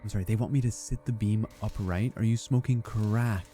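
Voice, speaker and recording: A man's voice: lowish voice, brisk, mellow, soft background music. A young man casually commenting on his gameplay as he chats with viewers, joking and swearing freely. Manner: joking, profane, chatting with viewers. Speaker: streamer.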